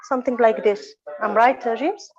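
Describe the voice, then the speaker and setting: A woman from Libya, a student in an online class, speaking haltingly with many fillers as she searches for words. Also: fairly high pitch, darkish tone, soft background music. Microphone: video call. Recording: dull, dry video call audio.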